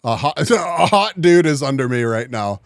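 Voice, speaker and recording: A man's voice: mid-range voice, big pitch swings, moderate pace, dry recording, clean studio sound. A man commentating casually on a live stream, laughing often and coughing between jokes. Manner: giggly, keeps laughing and joking. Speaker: streamer reacting to a video.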